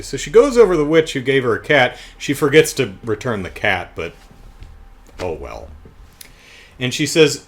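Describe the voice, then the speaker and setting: A man's voice: medium pitch, sing-song, moderate pace, a bit bright. A man giving a casual, jokey TV review, retelling the plot with sarcastic asides.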